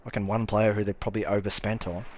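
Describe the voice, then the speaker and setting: A man's voice: on the low side, flat delivery, fast talker, a little mellow, a little hiss or hum. A young Australian man streaming a game live, chatting offhandedly with his viewers, swearing freely, and answering chat comments as they come in. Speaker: gaming streamer.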